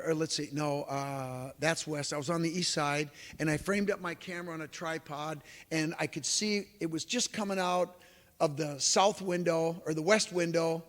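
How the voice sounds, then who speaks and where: High-voiced man telling a story in a hall. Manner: animated storyteller, voices quoted exclamations loudly. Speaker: lecturer. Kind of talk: storytelling lecture. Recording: long hall reverb.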